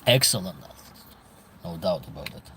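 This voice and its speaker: A man with an Albanian accent and a deep, animated voice answers viewer comments in casual live commentary at a moderate pace. He's emphatic, repeating phrases for stress, and the background is noisy.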